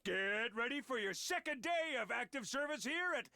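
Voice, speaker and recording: Drill sergeant, game character, very high, piercing voice, barked commands, bright and tense. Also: male voice, lively intonation, normal speed, creaky, no echo, full character voice. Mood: gung-ho. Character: loud, eager male drill sergeant instructor. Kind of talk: game voice acting.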